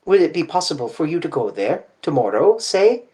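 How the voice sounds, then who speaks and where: A fussy, sharp-minded older detective, put on by an audiobook reader who presses with precise, pointed questions. The voice sits higher than the reader's own and swings widely in tone. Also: big pitch swings, fairly quick, slightly rough. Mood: urgent.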